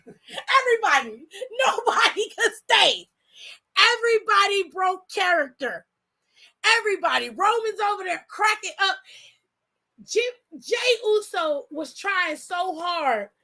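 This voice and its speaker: A woman talks through a wrestling show in a loose, slangy recap, animated and quick to laugh. Her voice sits high, with a bright, forceful tone. She sounds like a casual online commentator chatting straight to her viewers.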